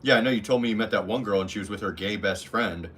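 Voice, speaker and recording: On a livestream, a blunt, foul-mouthed man reads his viewers' comments aloud and answers them. His lowish, husky voice moves fast and has a bright, forward edge, and his crude, casual talk sometimes slips into impressions of people from his stories.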